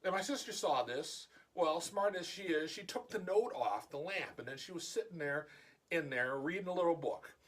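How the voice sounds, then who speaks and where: A man vlogging a casual personal story, animated and acting out the dialogue. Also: a little high, normal speed.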